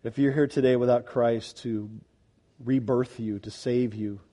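A male pastor preaching a sermon, swinging between loud, emphatic declarations and quiet, pleading passages. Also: mid-range voice, fairly even intonation, unhurried.

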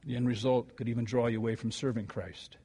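An older man preaching a sermon, telling a story with animated rises and quiet asides before reading scripture. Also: mid-range voice, fast talker, slightly rough. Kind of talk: sermon with anecdote.

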